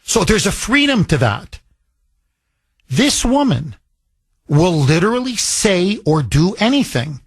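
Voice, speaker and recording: A man's voice: high voice, big pitch swings, takes it slowly, long pauses, breathy edge, no echo. A man hosting a political talk radio show, speaking in a heated, emphatic way and driving his points home with repetition.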